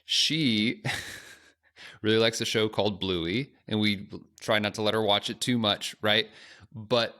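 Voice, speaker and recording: Bright-voiced male podcast co-host. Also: lowish voice, slow pace. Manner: conversational, self-deprecating, rambling asides. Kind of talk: casual podcast chat.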